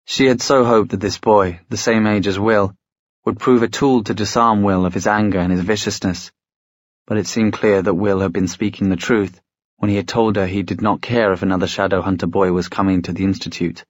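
A man narrating a story in a measured, storytelling way. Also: fairly low pitch, fairly even intonation, no echo. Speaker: audiobook narrator. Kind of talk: scripted narration.

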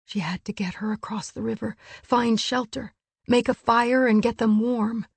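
Woman reading an audiobook, soft hushed delivery, breathy voice, dry close sound. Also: on the high side, fairly even intonation, moderate pace, no room sound. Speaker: audiobook narrator. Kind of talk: scripted narration.

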